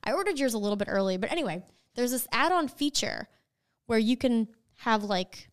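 Animated chatty woman, higher voice. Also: brisk. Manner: animated storyteller, says "like" often. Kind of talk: casual chat.

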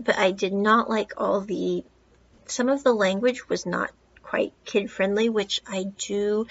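Woman podcast host, casual film reviewer, rambling asides, muffled lo-fi recording. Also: mid-range voice. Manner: chatty, rambling retelling with asides.

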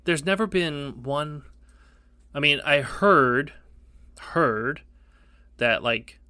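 A middle-aged man telling a story in casual podcast chat, animated and profane, slipping into squeaky voices for the people he quotes. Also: drawn-out words, clear, resonant tone, dry recording. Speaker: podcast co-host.

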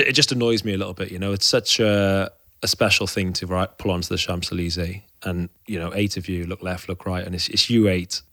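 A man's voice: on the low side, a bit bright, dry recording, studio quality. A man in his thirties, a guest talking frankly and with feeling in a podcast interview, often restarting his sentences. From Wales. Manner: frank and openly emotional, rambling with restarts. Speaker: guest, professional cyclist.

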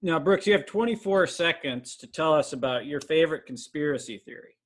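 A man's voice: on the high side, lively intonation, a little fast. A man hosting a podcast, asking laid-back questions and calling out segments. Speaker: podcast host. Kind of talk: casual chat.

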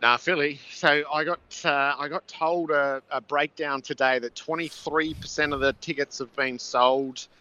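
Calling the game on location by phone, this male NFL commentator paints the build-up in rich storytelling detail from his stadium post. He speaks on the high side at a moderate pace with fairly even intonation and hardly any pauses, his tone bright, forceful, clear and resonant, in a dry recording with the highs cut off.

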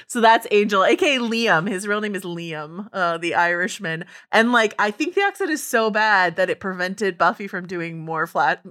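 A woman from Northern California co-hosting a podcast in casual chat, animated and laughing often. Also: lowish voice. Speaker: podcast co-host.

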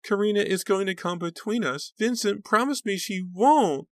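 A man voicing a bratty fifteen-year-old girl who taunts and sneers in a shrill voice. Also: normal speed, dry recording, natural voice. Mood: mocking swoon.

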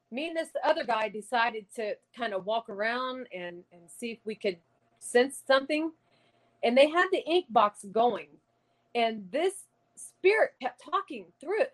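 Woman, middle-aged, slightly high voice, medium telling a ghost-hunting story, dramatic and earnest, chatty fillers. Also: low-quality recording.

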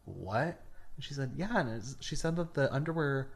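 A young man co-hosting a comedy podcast, telling a story in a casual, animated way and laughing through it. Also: fairly high pitch, brisk. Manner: animated, laughs through his stories, acts out quotes. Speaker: podcast co-host.

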